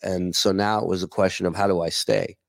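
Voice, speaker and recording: Low-voiced easygoing male guest, dry sound. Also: little pitch movement, brisk, creaky, dry recording. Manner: easygoing, chatty, swears casually. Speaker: guest, former radio show staffer. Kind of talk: casual chat.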